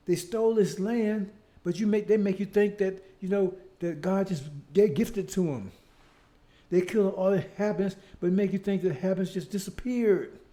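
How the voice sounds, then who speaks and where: A man's voice: high-pitched, warm tone. A man preaching a monologue who talks with heavy emphasis, repeats himself and keeps asking "See?". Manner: emphatic, repetitive, asks "See?" often; rhetorical questions and mocking asides. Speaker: speaker leading his own show.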